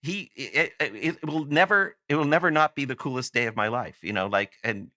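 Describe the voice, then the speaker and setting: A man's voice: medium pitch, a little fast, sharp tone, dry recording. A man from Canada, a guest on a podcast, telling a long rambling anecdote that is full of self-corrections. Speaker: guest author. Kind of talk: casual podcast storytelling.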